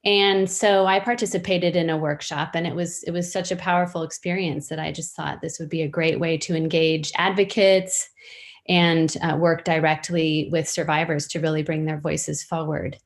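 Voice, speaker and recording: A woman in her fifties, a guest on a podcast interview, talking casually and thoughtfully about her work, often pausing with fillers and restarting sentences. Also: low voice, flat delivery. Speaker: interview guest, storytelling practitioner.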